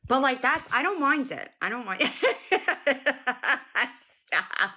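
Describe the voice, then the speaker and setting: A woman chatting casually to viewers on a live stream from her phone, animated and swearing, often laughing. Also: high voice, normal speed.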